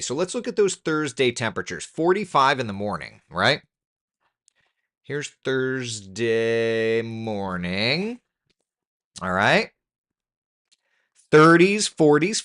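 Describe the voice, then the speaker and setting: A man's voice: medium pitch, a bit bright. A man hosting a casual weather live stream, chatty and joking with viewers as he reads through the forecast. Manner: chatty, talks to the computer in mock frustration.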